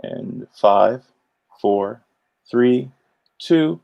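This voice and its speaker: A man hosting a trivia livestream, chatty and upbeat with announcer-style hype and plenty of fillers. His voice is lowish with a gravelly fry. The sound is dull and lo-fi, as from a home stream. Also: lively intonation, extremely slow. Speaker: trivia game show host.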